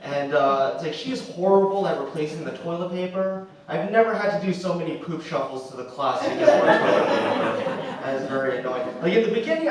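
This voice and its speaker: A young man doing a stand-up comedy set, talking casually with lots of fillers and acting out other people's lines. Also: a little high. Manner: conversational, acts out quoted voices, frequent "like" fillers. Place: theatre stage with audience laughing. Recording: roomy echo, distant mic, faint noise.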